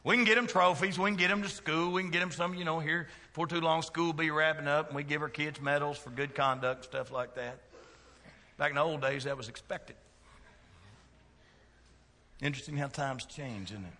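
A middle-aged man, preaching a sermon in a church with folksy jokes and big swings in loudness. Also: fairly high pitch, fairly even intonation, a little fast, long reverb tail. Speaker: pastor. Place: church sanctuary.

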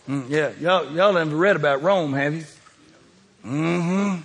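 A man preaching in a church, his fairly high voice carried by the long reverb of a large hall. He is folksy and dramatic, speaking straight to the people in the pews as he preaches. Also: measured pace, creaky, a bit bright, a faint crowd. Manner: folksy and dramatic, addresses the congregation directly. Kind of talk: sermon. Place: church sanctuary.

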